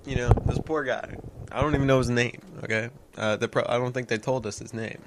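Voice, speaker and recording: A man's voice: medium pitch, fairly even intonation, a little fast, a little hiss or hum. A young man giving a casual, rambling video commentary, swearing and laughing often, with lots of fillers.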